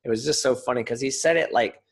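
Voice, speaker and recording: A man co-hosting a casual podcast, talking in an animated, rambling way and swearing freely. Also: mid-range voice, fast, gravelly. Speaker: podcast co-host, fighter. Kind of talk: casual chat.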